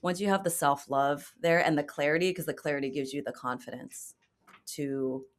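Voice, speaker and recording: A woman with a low voice talks openly in an interview. She tells her story in a candid, reflective, conversational way. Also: moderate pace. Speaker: guest. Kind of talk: casual interview talk.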